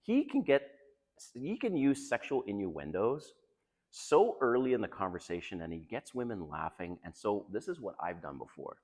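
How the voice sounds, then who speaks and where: A low-voiced man talks through dating advice in a chatty, confiding way, his pitch swinging up and down as he goes. He laughs often between points. A long hall reverb trails behind every line. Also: sing-song, normal speed, a little mellow. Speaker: dating coach. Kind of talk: casual advice monologue.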